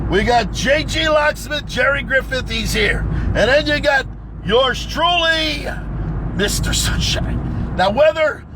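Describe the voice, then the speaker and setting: A man holding forth in a loud, boastful live rant about his trade, shouting and whooping as he swaggers. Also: very high-pitched, expressive, takes it slowly, background noise. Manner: frequent shouting and hollered whoops. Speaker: locksmith.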